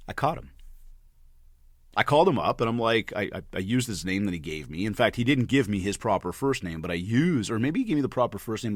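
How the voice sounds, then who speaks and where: A man of about forty, a podcast host, telling an animated story and often repeating words as he gets worked up. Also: fairly low pitch, dry recording, clean studio sound. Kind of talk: storytelling monologue.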